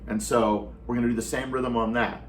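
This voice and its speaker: A man's voice: medium pitch, little pitch movement, fairly quick, slight background noise. A man teaching a guitar lesson, patiently walking through chord shapes step by step and counting beats aloud. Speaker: guitar instructor. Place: at home. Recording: distant mic with guitar playing.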